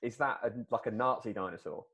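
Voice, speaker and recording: A man's voice: on the low side, quick pace, fairly bright tone. A man co-hosting a comedy podcast, musing enthusiastically about the clips. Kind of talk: casual comedic chat.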